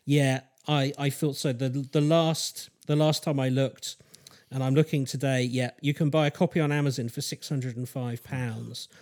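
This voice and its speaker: A man, hosting a casual podcast chat and telling a strange story in a halting way, full of fillers and restarts. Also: medium pitch, steady tone, darkish tone. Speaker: podcast host.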